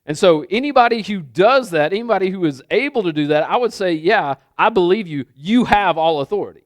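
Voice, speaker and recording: A man preaching a sermon with a somewhat high voice, talking loosely and conversationally and often checking in with his listeners. The recording is dry and close, with little room sound. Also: expressive, brisk, dry recording. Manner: conversational preaching, repeats phrases, asks "right?". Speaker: pastor.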